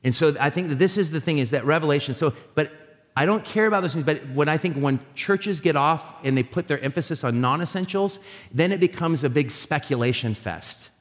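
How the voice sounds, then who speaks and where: A man preaching a sermon as a pastor, telling animated, jokey stories with many restarts. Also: a little high, fairly quick. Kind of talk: sermon with storytelling. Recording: live sermon in a reverberant hall.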